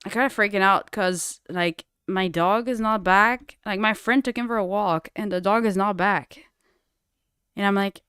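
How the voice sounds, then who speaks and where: A woman hosting a livestream in casual chat, blunt and quick to swear. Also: mid-range voice, a bit bright, clean tone, no echo, studio quality. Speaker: livestream host.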